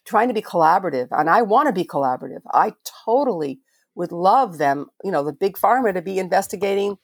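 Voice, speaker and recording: A woman's voice: lowish voice, animated, quick pace, breathy edge, no room sound, clean studio sound. An older woman from Florida, a veterinarian guest on a podcast, telling stories in a passionate, conversational way with frequent restarts. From Florida, USA. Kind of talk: podcast interview storytelling.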